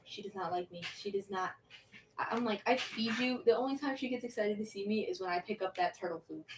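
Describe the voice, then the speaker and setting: Young woman streamer, rambling, giggly chatter, mid pitch, distant mic with faint noise. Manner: rambling, self-interrupting, giggly. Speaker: livestream host. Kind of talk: casual chat reading viewer questions.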